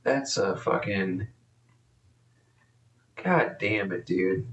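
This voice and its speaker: Slow-talking streamer man, distant mic. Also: deep voice, fairly bright tone, reverberant, highs cut off. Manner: profane, rambling, easily exasperated. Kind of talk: casual live-stream commentary.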